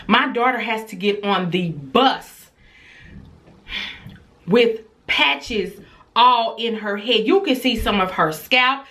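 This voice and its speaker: A young woman vlogger telling a family story in a casual, animated and exasperated way. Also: on the high side.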